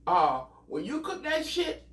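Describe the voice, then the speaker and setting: A man's voice: extremely high pitch, wildly swooping pitch, a little slow, a bit bright, echoey room, recorded from a distance. A man, rambling through profane, laughing childhood memories. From Mississippi, US South. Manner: rambling, profane, laughs often mid-story. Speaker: storyteller. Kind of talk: casual reminiscing.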